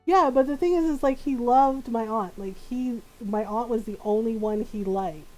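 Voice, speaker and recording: A woman streamer tells a story in loose, casual chat. She laughs often and keeps saying "like" and "right?". Her voice sits high but sounds soft and mellow, with faint music playing behind her. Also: normal speed, poor audio. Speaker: live streamer.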